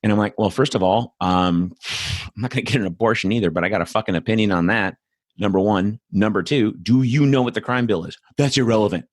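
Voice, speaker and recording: A man's voice: on the low side, brisk, no room sound, studio quality. Profane, sarcastic man ranting. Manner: angry, profane, sarcastic, with stuttered restarts. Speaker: host. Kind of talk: ranting political commentary. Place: home in Austin.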